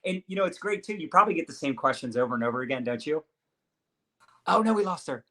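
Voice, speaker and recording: A man hosts a live-streamed interview from a video call, full of motivational hype and cheer. His voice sits a little high and rings bright and forceful. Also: lively intonation, quick pace. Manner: upbeat, hyped-up motivational. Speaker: host.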